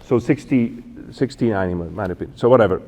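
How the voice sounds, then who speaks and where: A man in his fifties from Switzerland, telling a personal story as a guest speaker, halting and correcting himself with many fillers. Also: lowish voice, darkish tone. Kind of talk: storytelling talk. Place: church event hall. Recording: long hall reverb.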